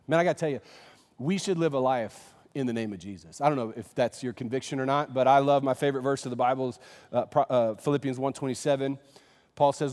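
High-voiced preacher in a reverberant church. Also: male voice, brisk. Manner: animated, quizzes the congregation with questions. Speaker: pastor. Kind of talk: sermon. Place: church sanctuary.

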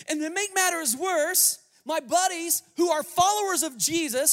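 A male pastor preaching a sermon, telling a story as a lively storyteller with joking asides to the congregation. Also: very high-pitched, moderate pace, hardly any pauses. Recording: long reverb of a large hall.

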